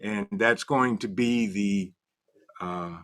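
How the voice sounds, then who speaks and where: A man's voice: on the low side, slow, a bit bright. A man hosting a casual livestream, greeting viewers from the chat by name in a loose, way. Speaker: livestream host.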